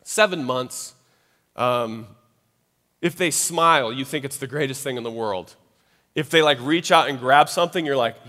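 A young man, a pastor, telling a lively family story in a sermon and closing in prayer. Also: on the high side, moderate pace, long reverb tail. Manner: animated storytelling, then soft prayer.

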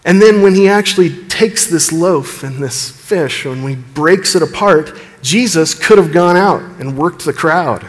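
A man preaching a sermon as pastor, earnest, building emphasis and dropping low at the ends of phrases. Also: a little slow, hardly any pauses, big-room sound.

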